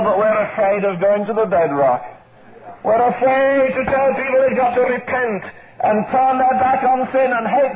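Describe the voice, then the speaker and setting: Older man, high voice, impassioned revival preacher, tinny phone-like sound, loud crowd. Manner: impassioned, emphatic, repeating phrases for force. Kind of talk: fiery revival sermon.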